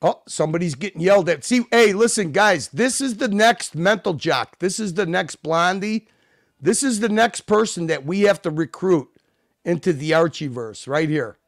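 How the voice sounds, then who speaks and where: A man hosting a casual livestream, loud, profane and repetitive as he reacts to clips. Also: high voice, expressive, moderate pace, no echo, clean studio sound. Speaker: livestream host.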